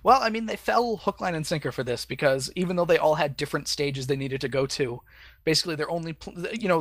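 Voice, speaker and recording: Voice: mid-range voice, fast, no room sound. A podcast co-host in casual chat, loose and sarcastic, swearing freely. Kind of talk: casual chat recapping a cartoon.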